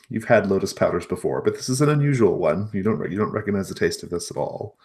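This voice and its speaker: A man with a very deep voice narrating a tabletop game as game master. He talks in a relaxed, hesitant way, filling gaps with ums and uhs. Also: fast. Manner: relaxed, hesitant, many fillers.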